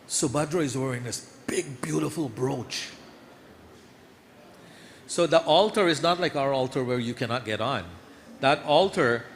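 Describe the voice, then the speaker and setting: Man telling temple stories in an echoey hall. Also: mid-range voice. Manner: lively storyteller, voice climbs when acting out scenes. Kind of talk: storytelling sermon. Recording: echoey hall with faint background noise.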